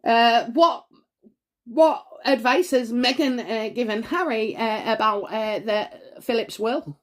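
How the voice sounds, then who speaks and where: A woman's voice: fairly high pitch, slow. A woman, talking through a tarot reading in a rambling, hesitant way full of fillers and sudden gasps. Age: 40s. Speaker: tarot reader. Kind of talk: solo tarot reading vlog.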